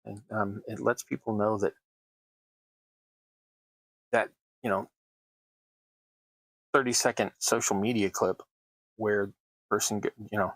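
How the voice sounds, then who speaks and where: A man's voice: lowish voice, steady tone, a little slow, pauses often, fairly bright tone, no room sound, low-quality recording. A man hosting a crafting livestream, chatting casually while he works, with wry, self-deprecating asides. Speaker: terrain crafting livestream host.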